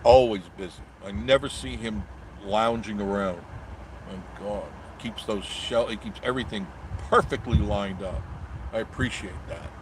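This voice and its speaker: A man's voice: lowish voice, normal speed, noisy background. A middle-aged man hosting a casual live stream, reading viewer comments aloud and rambling through jokey banter with frequent chuckles.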